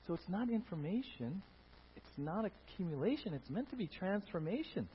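A man preaching a sermon in church, talking in an animated way, rising to loud emphatic bursts and putting questions to the congregation. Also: high-pitched, normal speed, a little hiss or hum. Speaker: pastor. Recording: dull lo-fi sound.

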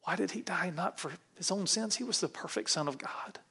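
A man's voice: sits high, expressive, a little fast, vocal fry, hardly any pauses, sharp tone, husky. A man, a pastor, preaching a sermon in a church and leading the congregation in call-and-response. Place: church sanctuary.

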